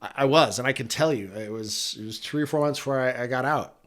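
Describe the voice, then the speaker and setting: A man's voice: mid-range voice, fast. A man speaking as a podcast guest, talking in an earnest, reflective way and laughing often. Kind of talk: casual motivational podcast talk.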